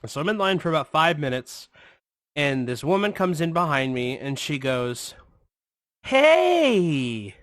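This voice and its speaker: A man's voice: mid-range voice, fairly bright tone, no room sound. Brief male podcast host, rambling profane storyteller, close dry sound. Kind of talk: casual storytelling chat.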